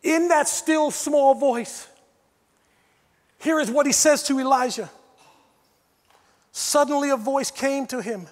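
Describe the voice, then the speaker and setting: A man's voice: very high voice, takes it slowly, pauses often. A man with an American accent, a pastor preaching a sermon, moving from near-whispers to emphatic preaching. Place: church sanctuary. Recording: long church hall reverb.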